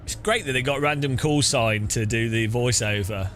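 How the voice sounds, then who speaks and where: A man's voice: medium pitch, normal speed, a bit bright, soft background music. A man rambling casually while streaming a racing game, often restarting his sentences and chuckling. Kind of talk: casual gameplay commentary.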